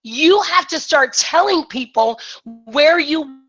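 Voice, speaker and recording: A woman business coach giving an energetic live-streamed coaching talk, acting out both sides of made-up conversations. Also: high-pitched, takes it slowly, faint music behind, low-quality recording.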